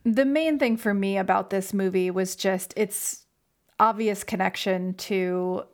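A young woman co-hosting a casual film podcast, chatty with lots of fillers. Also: mid-range voice. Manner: chatty, many fillers, reads a passage aloud slowly. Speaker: podcast co-host.

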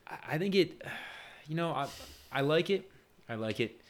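A man's voice: fairly high pitch, expressive, moderate pace, slight background noise. A young man co-hosting a podcast, easygoing and rambling, restarting his sentences. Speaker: podcast co-host. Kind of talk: casual chat.

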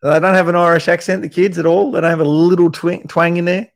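A man's voice: high voice, flat delivery, quick pace, vocal fry. A man hosting a casual interview in a matey, chatty way. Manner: matey, chatty, says "mate" often. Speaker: host.

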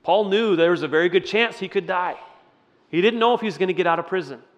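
A pastor with a somewhat high voice talks fast through a loose, chatty sermon, repeatedly turning questions back to the congregation. A long reverb tail suggests a large church hall, and the highs in the audio are cut off.

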